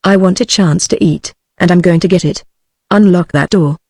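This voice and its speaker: A woman's voice: lowish voice, moderate pace, a little mellow, no room sound, studio quality. A synthetic woman voicing a hard-boiled frontier trader man. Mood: gruff. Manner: blunt and gruff. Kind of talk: text-to-speech audiobook reading.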